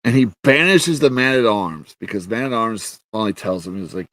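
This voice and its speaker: Man, ranting show review, exasperated, profane, lots of fillers, lowish voice, dry sound. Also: animated, moderate pace, fairly bright tone, dry recording. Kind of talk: casual ranting commentary.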